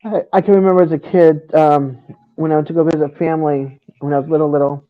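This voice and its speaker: A man's voice: fairly high pitch, fairly even intonation, fast talker. A man co-hosting a casual livestream, teasing the others, laughing often and greeting chat viewers. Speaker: livestream co-host. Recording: dull lo-fi sound.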